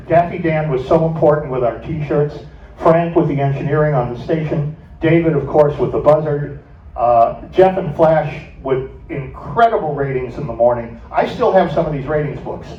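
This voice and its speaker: An older man tells a lively story on stage, laughing as he goes, his voice a touch high. The sound is dull and boomy, caught from across a club with faint ambient noise. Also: normal speed. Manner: animated, laughs through his anecdote. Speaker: former radio station staffer. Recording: echoey, dull, from far off.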